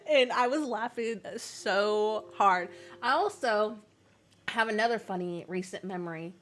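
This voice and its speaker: A woman's voice: mid-range voice, unhurried. A young woman, chatting casually on a game stream and telling family stories between laughs. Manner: chatty, laughing often, many fillers.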